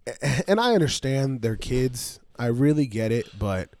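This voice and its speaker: A young man co-hosts a casual podcast, his voice at an ordinary middle pitch. He speaks in a laid-back, joking way and laughs often. The mic is close and the sound is dry. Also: sing-song, measured pace, gravelly, darkish tone, no room sound. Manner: laid-back, laughing, says dude a lot. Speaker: podcast co-host. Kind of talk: casual chat.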